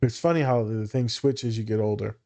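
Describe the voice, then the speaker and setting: A man's voice: lowish voice, brisk, vocal fry, mellow. A man, a therapist and teacher, chatting casually and bluntly, swearing freely and using dry humor. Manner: candid, profane, dry humor. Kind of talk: casual podcast chat.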